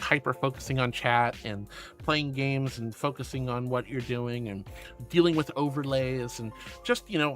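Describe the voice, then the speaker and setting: A woman streaming live, reading her chat aloud and answering in a gushing, affectionate way with sweet pet names and playful noises. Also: a bass voice. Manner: playful, meows and rawrs. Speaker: VTuber streamer.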